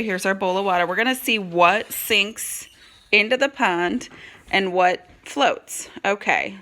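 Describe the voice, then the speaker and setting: A woman's voice: mid-range voice, creaky, sharp tone. A woman teaching a circle time lesson to young children, encouraging and explaining each step in a sing-song way. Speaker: preschool teacher.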